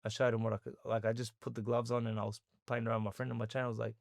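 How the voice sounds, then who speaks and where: An Australian man, a podcast guest, telling his story in an animated way and acting out the people he quotes. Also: medium pitch, very fast, creaky, no echo, clean studio sound. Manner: animated storyteller who acts out quoted dialogue. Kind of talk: storytelling interview.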